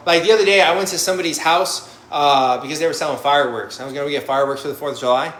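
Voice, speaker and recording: He speaks rapid-fire with few pauses, his voice a little high and a bit bright in an echoey room. The young man, a former inmate on a live panel, is candid and blunt about post-prison life, often swearing and performing his past reactions.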